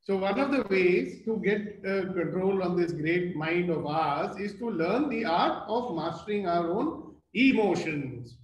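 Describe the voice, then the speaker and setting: Older man, Indian English accent, high voice, playful storyteller, live group talk, roomy echo with faint hiss. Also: animated, a little slow, few pauses. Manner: playful, storytelling, asks the audience questions. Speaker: motivational speaker. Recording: echoey room with faint noise.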